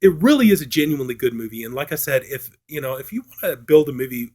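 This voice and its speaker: A man's voice: medium pitch, very animated, fast, darkish tone. A man reviewing a film, retelling its plot in a casual, rambling way full of filler phrases.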